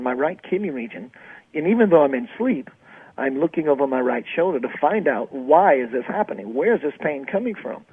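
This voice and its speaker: A man, a spiritual author and interview guest, telling his experiences in an animated storytelling manner and acting out the quoted dialogue. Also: a little high, slightly rough. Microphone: phone. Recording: tinny phone line.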